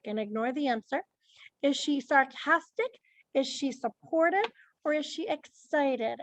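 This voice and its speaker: Female teacher, online lesson, high pitch, creaky edge, keeps quizzing students by name. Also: no echo. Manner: questioning, chatty, calls on students by name. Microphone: computer mic on a video call.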